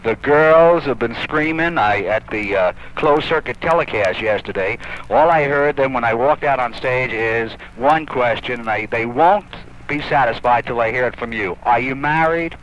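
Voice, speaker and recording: A man interviewing as a radio DJ, with brash, fast-talking patter in a 1960s radio interview. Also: mid-range voice, a bit bright, dull audio, slight background noise.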